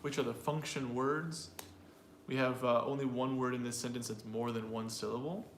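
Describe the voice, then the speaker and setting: A man's voice: medium pitch, fairly even intonation, normal speed. Male pronunciation coach, conversational, talks to learners, echoey room with faint noise. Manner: thinks aloud with fillers and restarts, addresses learners directly. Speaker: pronunciation teacher. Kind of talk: casual teaching chat.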